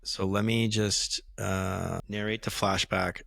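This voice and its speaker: Bright-voiced man explaining game rules. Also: deep voice, flat delivery, takes it slowly, gravelly, no room sound, studio quality. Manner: explains rules step by step, rambling restarts. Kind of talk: casual tabletop game play.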